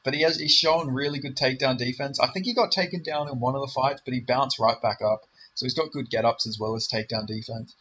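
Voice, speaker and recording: A man's voice: medium pitch, fast talker, few pauses, fairly bright tone, highs cut off, slight background noise. A young man giving casual solo commentary, rambling and confident, full of fillers and self-corrections. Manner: confident, enthusiastic. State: voice briefly giving out. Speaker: MMA predictions YouTuber.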